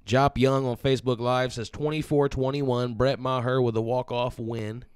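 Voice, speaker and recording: A man's voice: medium pitch, moderate pace, clean tone, no room sound, studio quality. A man co-hosting a live fan sports show, talking casually and reading out viewer comments. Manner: casual, steady, reads out comments.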